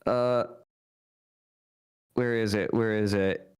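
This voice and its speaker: A man's voice: fairly low pitch, steady tone, slow pace, a little mellow, clear, resonant tone. A man chatting casually as a guest on a live stream, with dry understated humor.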